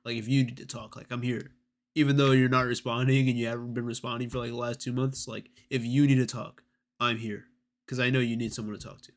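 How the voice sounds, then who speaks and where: A man's voice: medium pitch, little pitch movement, fast talker. A man hosting a live stream, reacting to messages in a slangy, profane, sarcastic way. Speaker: streamer host. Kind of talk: casual reaction commentary.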